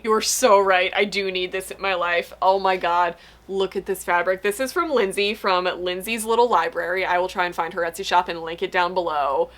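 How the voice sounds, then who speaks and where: A young woman vlogging casually through a pile of book packages, her voice sitting at an ordinary middle pitch. She talks in an excitable, gushing way. A faint hiss of background noise sits under the recording. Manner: gushing, excitable, exclaims often. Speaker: booktube vlogger. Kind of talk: casual unboxing chat.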